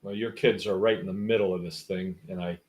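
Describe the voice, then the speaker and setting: A man with a fairly low voice hosts a casual livestream, reading out viewer comments as they come in. He talks in a rambling, musing way with a wry edge and drifts between thoughts. His delivery is relaxed and unscripted. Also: fairly quick. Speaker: host.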